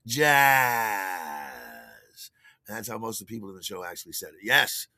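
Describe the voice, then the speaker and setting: An older man hosting a podcast, telling a rambling story in a casual, animated way with restarts and chuckles. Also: rapid-fire, no room sound, clean studio sound. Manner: animated, acts out quotes in a higher voice. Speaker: podcast host.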